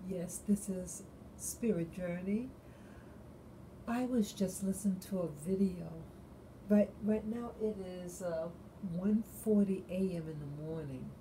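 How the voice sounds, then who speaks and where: Woman vlogger, deep mellow tone, unhurried, halting late-night monologue. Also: a little hiss or hum, poor audio. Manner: halting and musing, many restarts.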